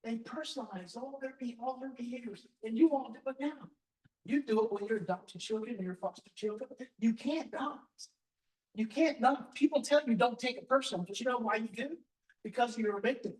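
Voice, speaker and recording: A man's voice: very high voice, brisk. A man giving a live parenting seminar, talking with passion and repeating key points for emphasis. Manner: impassioned, emphatic repetition. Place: seminar hall with audience. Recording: echoey hall, distant mic.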